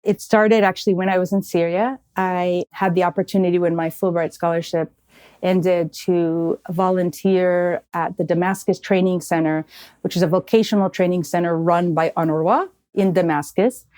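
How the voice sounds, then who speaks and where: This nonprofit CEO, a middle-aged woman speaking as an interview guest, has a lowish voice and a moderate pace, with no room sound. Her conversational storytelling is lively: she performs the voices of those she quotes and breaks into occasional laughter.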